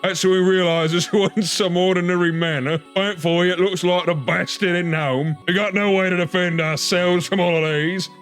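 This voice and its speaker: Man doing a gruff old stranded refugee, rough English accent, drawn-out mock-rough delivery, faint music behind. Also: sits high, steady tone, fairly bright tone, voice pushed up. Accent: put-on rough English.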